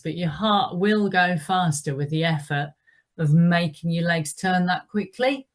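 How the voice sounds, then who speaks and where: Casting: female cycling instructor, low voice, unhurried, encouraging cues between efforts. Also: a bit bright. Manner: encouraging, calls out the rhythm. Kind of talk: indoor cycling class instruction.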